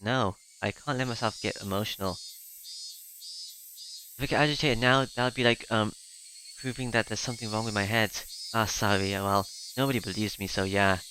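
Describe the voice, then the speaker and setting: A man's voice: fairly low pitch, fairly even intonation, normal speed, pushed and bright, slight background noise, rough recording. A man voicing a shaken, desperate teenage boy who stumbles and repeats himself urgently. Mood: anxious.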